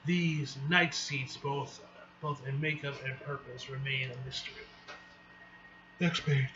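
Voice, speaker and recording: A man's voice: medium pitch, little pitch movement. Man reading comics aloud, dull mic. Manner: halting, restarts words often while reading. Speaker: comic reaction vlogger. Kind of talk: casual read-aloud with asides. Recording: dull lo-fi with faint hiss.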